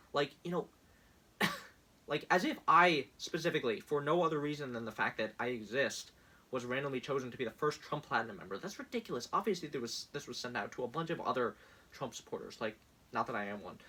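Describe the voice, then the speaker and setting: A man's voice: fairly high pitch, sharp tone, breathy edge. A young man ranting sarcastically in casual commentary, exasperated and laughing often.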